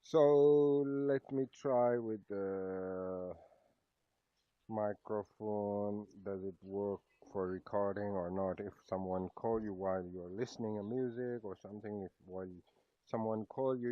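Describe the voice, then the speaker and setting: A man casually demonstrating a gadget, talking haltingly, repeating words as he tries things out live. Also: on the low side, dry recording. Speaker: product reviewer. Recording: dull lo-fi sound.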